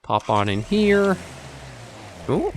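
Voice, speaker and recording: A man's voice: high voice, takes it slowly, a little hiss or hum. A man hosting his gaming channel, chatting casually over his gameplay and thinking aloud as he goes. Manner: relaxed, thinking aloud with fillers.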